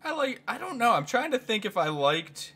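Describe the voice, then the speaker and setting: A man's voice: very high-pitched, big pitch swings, moderate pace, fairly bright tone, slightly rough. A man co-hosting a podcast, chatting casually and laughing often, with lots of "like" fillers. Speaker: podcast co-host. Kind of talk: casual chat.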